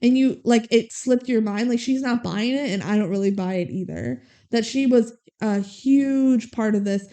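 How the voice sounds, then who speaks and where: A woman's voice: fairly high pitch, moderate pace, hardly any pauses. A young woman co-hosting a podcast, retelling a movie scene by scene and acting out the characters' lines in a casual chat. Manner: animated retelling, acts out lines. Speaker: podcast co-host.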